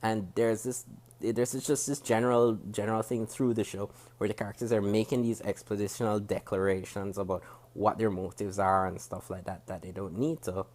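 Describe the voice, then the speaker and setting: A man with a Jamaican accent, speaking to camera as he reviews a TV show. He talks in a critical, measured way and often restarts his sentences as he thinks aloud. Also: lowish voice, level tone, a little mellow. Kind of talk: casual spoken review to camera. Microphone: camera facing the speaker.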